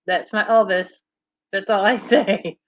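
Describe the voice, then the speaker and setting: A woman's voice: medium pitch, fairly even intonation, a little slow, no room sound, highs cut off. A woman hosting a livestream, chatting casually and cheerfully with viewers and laughing often. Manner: bubbly, laughs often, chats with live comments. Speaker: livestream host.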